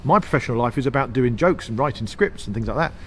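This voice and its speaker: A man's voice: medium pitch, expressive, fast, a bit bright, slight background noise. A man from England, a comedy writer and stand-up, chatting in an interview in long rambling runs, with self-mocking asides and frequent restarts. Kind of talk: casual interview chat.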